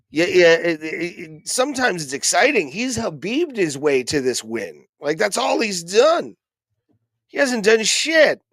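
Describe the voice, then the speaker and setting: A young man hosts a live fight-reaction stream, cursing and grumbling through casual commentary packed with fillers. His voice sits a little high and his pace is unhurried. The recording is dry and close, with little room sound. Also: a bit bright, no room sound. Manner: frustrated, profane ranting with many fillers. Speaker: livestream host reacting to fights.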